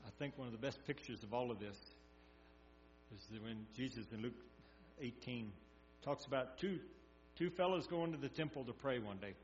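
A man's voice: mid-range voice, normal speed. A man preaching a sermon, telling scripture stories in a folksy way and acting them out. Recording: echoey hall, dull sound, mains hum.

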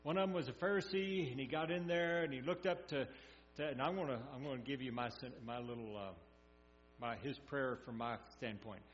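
A man's voice: mid-range voice, fairly quick. A man preaching a sermon, telling scripture stories in a folksy way and acting them out. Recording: echoey hall, dull sound, mains hum.

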